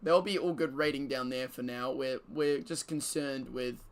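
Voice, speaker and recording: A streamer with a medium-pitched voice talks at a moderate pace in a steady tone. He's doing casual gameplay commentary, reading game events aloud while joking and swearing. The banter is loose and profane, and he laughs often.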